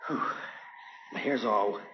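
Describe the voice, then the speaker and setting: A man's voice: fairly low pitch, slow. A man filming in an open field in stormy weather and talking to someone on the phone, uneasy about a strange sound. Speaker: vlogger filming outdoors. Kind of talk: casual live narration to a phone call. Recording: dull phone recording with loud outdoor noise.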